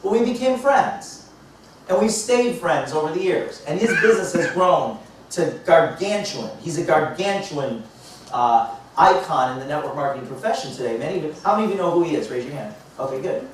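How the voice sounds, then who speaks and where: A man tells a lively story to a live crowd and acts out each exchange as he goes. His voice comes from a distance in a very echoey hall with a faint hum behind it. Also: a little high, a little fast. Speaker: motivational speaker. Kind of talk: storytelling talk to a live audience. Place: large indoor hall. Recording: echoey hall picked up from far off.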